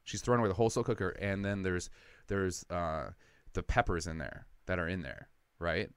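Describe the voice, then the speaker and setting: A man on a podcast, telling a comedic personal story in quick, animated, profane bursts. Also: deep voice, clean tone, dry recording. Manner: rapid, animated, profane anecdotes. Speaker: comedian guest.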